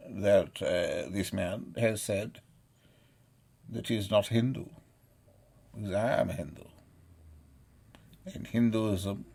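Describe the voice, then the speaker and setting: A man's voice: lowish voice, slow, creaky, pauses often, warm tone, slightly rough. A man in an abusive, scornful rant, full of swearing and insults. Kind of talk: ranting monologue.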